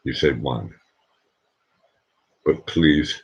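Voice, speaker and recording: Very deep-voiced man chatting casually. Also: slow pace, creaky, breathy edge, muffled recording. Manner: joking, talks quietly at times. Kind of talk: casual chat.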